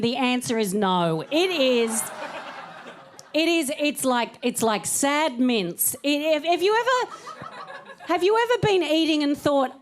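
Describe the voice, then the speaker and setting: A woman in her thirties doing stand-up on a club stage, her voice sitting a little on the high side. She talks in a chatty, self-mocking way and laughs through her own punchlines. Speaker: stand-up comedian. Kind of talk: stand-up comedy set.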